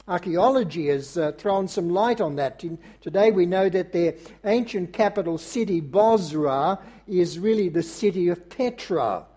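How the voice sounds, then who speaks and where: Preaching to his congregation, a male pastor speaks directly to them in an earnest, measured way, his high voice mellow and soft-edged. He has a non-American English accent and now and then pauses on little filler sounds.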